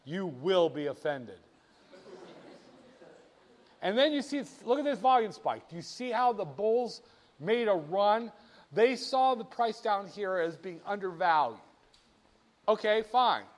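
A man teaching about stock charts in an animated, playful way, often asking the viewer rhetorical questions. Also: high voice, measured pace, long pauses. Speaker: finance instructor. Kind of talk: screen-share lesson on market charts.

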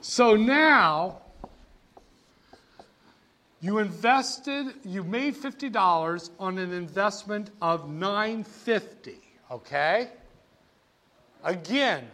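A man teaching finance to a classroom, teasing students and quizzing them with jokes between the math. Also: sits high. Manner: joking, teasing students, animated. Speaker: finance lecturer. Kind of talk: classroom lecture.

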